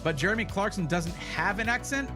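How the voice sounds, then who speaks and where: A man's voice: sits high, expressive, brisk, music in the background. A man hosting a casual livestream, chatty and rambling, often correcting himself as he talks. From United States. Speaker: livestream host.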